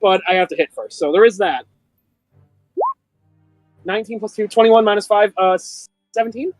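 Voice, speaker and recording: A man's voice: sits high, moderate pace, no room sound, faint music behind. A man playing a tabletop game, joking and playful as he talks. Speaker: player. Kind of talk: casual tabletop game chat.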